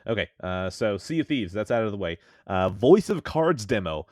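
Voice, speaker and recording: Low-voiced, rambling podcast host. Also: male voice, big pitch swings, moderate pace, a little mellow, dry recording. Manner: rambling, self-mocking, swears often. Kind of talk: casual podcast chat.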